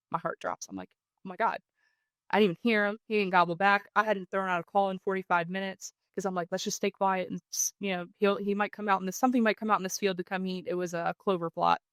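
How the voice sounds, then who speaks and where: Woman, podcast guest, animated storyteller, smooth voice, dry recording. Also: fairly low pitch, no room sound. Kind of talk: casual storytelling interview.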